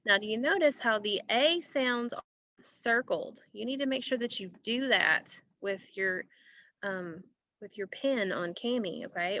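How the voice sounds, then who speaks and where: Bright-voiced woman teaching phonics. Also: mid-range voice, no room sound, lo-fi sound. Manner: slow, drawn-out modeling of vowel sounds, addressing students directly. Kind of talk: recorded online phonics lesson.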